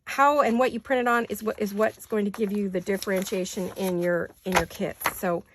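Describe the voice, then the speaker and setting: A woman's voice: mid-range voice, fairly even intonation, brisk, a little hiss or hum. A woman hosting a crafting video in her home studio, chatting casually and gushing over each page with repeated words of praise. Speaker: crafting channel host. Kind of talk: casual show-and-tell chat.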